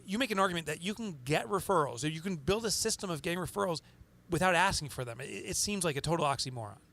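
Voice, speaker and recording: A man's voice: fairly high pitch, lively intonation, fast talker, creaky, a bit bright. A man with a New Jersey accent hosting a podcast in a loose, chatty, joking way. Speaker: podcast host.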